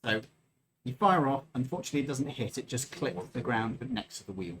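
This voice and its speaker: A man's voice: mid-range voice, animated, a little fast, fairly bright tone, a little hiss or hum. A man narrating as game master of a live-streamed tabletop game, explaining rolls and describing actions.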